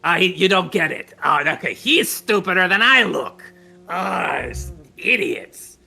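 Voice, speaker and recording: Man playing a gravelly bright tanuki trickster, theatrical, sly. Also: on the high side, a little slow, voice pushed up, heavily acted. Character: cocky male tanuki trickster.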